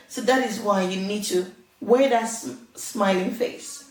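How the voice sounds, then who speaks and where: A woman's voice: medium pitch, moderate pace, darkish tone. A woman giving casual parenting advice, earnest and chatty, laughing now and then. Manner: earnest, laughs often, acts out little quoted exchanges. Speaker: parenting vlogger. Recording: roomy echo, distant from mic.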